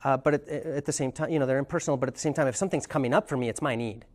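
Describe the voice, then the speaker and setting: A man runs a communication workshop, telling a story and explaining ideas with care while often pausing to find the right word. He is a communication trainer with a medium-pitched voice.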